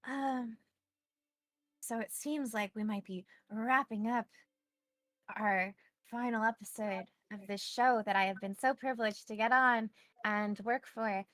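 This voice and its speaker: A woman speaks eagerly but haltingly, pausing on ums as she plays her character. The sound is dry and close, with no room around it. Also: fairly high pitch, a bit bright, dry recording. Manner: eager, hesitant, many ums. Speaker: player voicing a camera operator character. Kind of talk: in-character confessional in a tabletop game.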